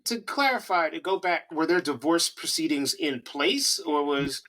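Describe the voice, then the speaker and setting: A man's voice: fairly high pitch, expressive, moderate pace, bright, forceful tone, poor audio. A man hosting a podcast, asking probing questions and reacting to the story. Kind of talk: casual interview.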